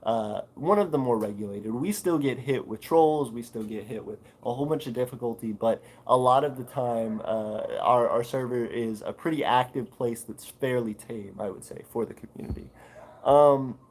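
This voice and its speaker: A man with a mid-range voice and darkish tone hosts a casual livestream at normal speed, reading chat comments aloud and answering them. He rambles, with lots of fillers and restarts. The recording is rough.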